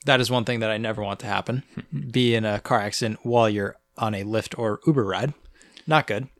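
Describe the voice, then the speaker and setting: A young man co-hosts a casual podcast and tells a story in an animated way. He often stumbles and restarts his sentences. The sound is close and dry, with no room echo. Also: fairly low pitch, a little fast. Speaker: podcast co-host. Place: Boston area.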